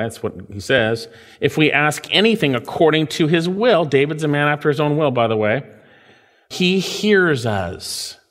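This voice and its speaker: A man preaches a sermon in a somewhat higher voice, with a long reverb trailing his words through a large hall. He reads scripture slowly and weightily, rising to emphatic peaks and dropping to hushed, low asides. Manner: preaches with wide swings between raised emphatic lines and low hushed ones. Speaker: pastor.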